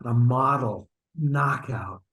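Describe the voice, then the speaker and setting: Over a video call, a man acts an online stage scene as a husband concealing an affair, flustered, stammering and sheepish while pressing his friend. He's an acting student with a medium-pitched, fairly bright voice at a slow pace, and the recording is rough.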